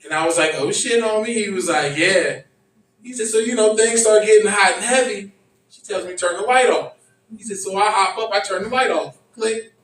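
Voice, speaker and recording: Male stand-up comic with a high voice, acts out friends' dialogue, recorded at a distance in a roomy club. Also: a little fast. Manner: animated, acts out friends' lines in quotes. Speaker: stand-up comedian. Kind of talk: stand-up comedy storytelling. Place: comedy club stage. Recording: echoey club sound from a distance.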